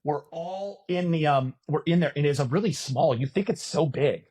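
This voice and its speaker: A man in his fifties from California, an animated podcast guest telling stories, acting out quotes and swearing casually. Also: fairly high pitch, moderate pace, slightly rough. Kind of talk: casual storytelling chat.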